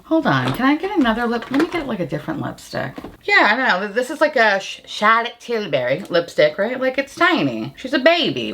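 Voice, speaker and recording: A woman's voice: on the high side, huge pitch swings, normal speed, sharp tone, slight background noise. Giggly woman chatting about makeup. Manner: bubbly, giggly, swears freely. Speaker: beauty vlogger. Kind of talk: casual makeup review vlog.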